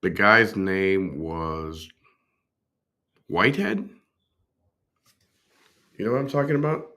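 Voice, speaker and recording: Very deep, bright-toned male host. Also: sing-song, slow pace. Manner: rambling, thinks aloud, talks to chat. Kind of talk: casual reaction commentary.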